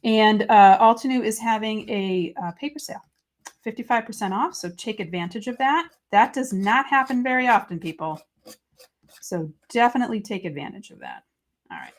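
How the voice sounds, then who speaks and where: A woman's voice: fairly high pitch, moderate pace. Chatty woman hosting a craft livestream. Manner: chatty, reads viewer comments aloud, excitable. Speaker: host of a live crafting stream. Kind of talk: casual live-stream chat while crafting.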